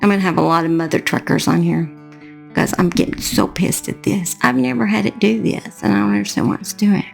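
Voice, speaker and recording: A woman's voice: on the low side, brisk, vocal fry, a little mellow, faint music behind. A woman hosting a true crime channel, reading a scripted outro and then chatting casually, joking at her own expense with mild fake swearing.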